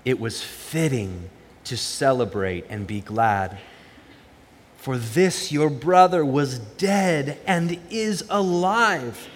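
A man reading scripture aloud, voicing a gentle loving old father in a reverberant hall. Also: medium pitch, lively intonation, slow pace, a little hiss or hum. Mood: tender.

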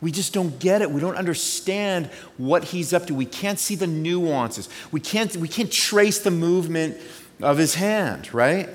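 A man preaching a sermon as pastor, conversational, moving between hushed reflection and excited storytelling. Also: fairly high pitch, measured pace. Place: church sanctuary. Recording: reverberant hall.

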